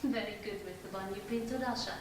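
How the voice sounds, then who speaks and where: An actress playing a poised, sharp-tongued woman in an audition scene, replying in a dry, composed way. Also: medium pitch, steady tone, fast, close to an everyday voice. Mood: cool. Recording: very echoey room, distant mic, noisy.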